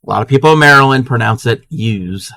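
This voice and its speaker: A man's voice: mid-range voice, racing, creaky, bright, forceful tone, dry recording. A man hosting a casual live crafting stream, chatting playfully with viewers and laughing often.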